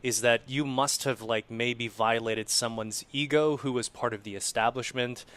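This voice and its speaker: A man's voice: mid-range voice, fairly even intonation, moderate pace, a bit bright. A man hosting an interview, casual and affirming, reflecting back on his guest's story. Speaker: podcast host. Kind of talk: interview conversation.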